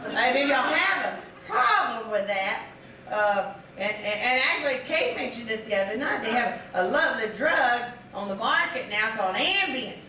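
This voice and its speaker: A woman's voice: fairly high pitch, expressive, moderate pace, pushed and bright, a little hiss or hum. A woman in her fifties doing a live stand-up routine, rambling and self-mocking with lots of fillers and restarts. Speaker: stand-up comedian. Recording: distant echoey live room with audience. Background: audience laughter.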